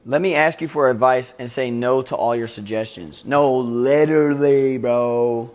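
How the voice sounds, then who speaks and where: A man's voice: medium pitch, normal speed. A man streaming live, ranting casually and profanely, often mimicking others in mocking voices. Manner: profane, heated venting.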